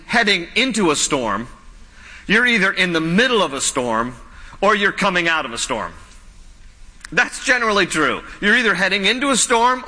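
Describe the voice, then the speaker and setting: Male pastor, slightly high and very bright voice, earnest conversational sermon that slows down for emphasis. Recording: long hall reverb.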